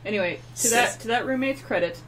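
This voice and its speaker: A woman co-hosting a casual chat show, telling stories and getting loud as she acts out her anger. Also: on the high side, quick pace, slight background noise, low-quality recording. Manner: animated storyteller, gets loud acting out her anger. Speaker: podcast co-host.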